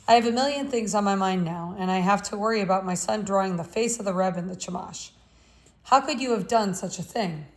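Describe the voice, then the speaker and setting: A woman's voice: medium pitch, brisk, natural voice, poor audio. A woman reading the part of a stern, worried father who scolds his young son. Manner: agitated, scolding.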